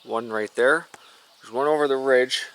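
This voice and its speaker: A man's voice: medium pitch, moderate pace, a bit bright. A man casually narrating a hiking vlog at an outdoor campsite, rambling with many fillers. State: stuffed up from allergies. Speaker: vlogger.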